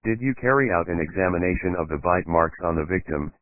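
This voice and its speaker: A man's voice: deep voice, lively intonation, brisk, dry recording. A man voicing a male prosecutor asking plain, businesslike questions in an audiobook. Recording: tinny phone-like dry sound.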